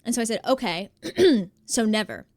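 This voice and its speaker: A young woman, streaming live and telling a story to her chat, acting out the quotes in an animated, exasperated way. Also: mid-range voice, moderate pace, dry recording.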